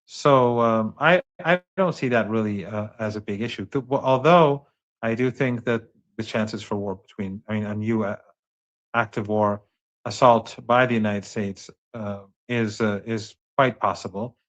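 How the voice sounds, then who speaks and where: A man, a professor speaking as an interview guest, talking in a measured way with frequent restarts. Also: fairly low pitch, a bit bright. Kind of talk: remote interview commentary.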